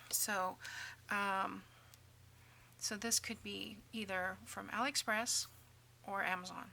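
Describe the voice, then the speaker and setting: A chatty woman talks through a craft project with a bright, clear voice, joking at her own expense. She often drops to quiet muttering as she works. A faint hum of room noise sits behind her. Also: mid-range voice. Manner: chatty, self-deprecating, mutters softly while working. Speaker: craft tutorial host. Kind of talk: casual crafting tutorial.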